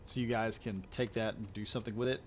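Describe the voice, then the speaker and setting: A man's voice: on the low side, fairly even intonation, quick pace, slight background noise. A man chatting loosely to viewers while he live streams a game, rambling and repeating himself. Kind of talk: casual live stream chat while gaming.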